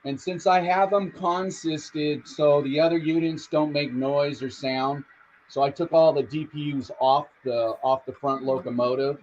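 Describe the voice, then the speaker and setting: A man's voice: fairly high pitch, fairly even intonation, measured pace, darkish tone, dull audio, slight background noise. Man explaining his model trains. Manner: explains step by step with restarts. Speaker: host. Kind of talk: casual chat. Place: home train room.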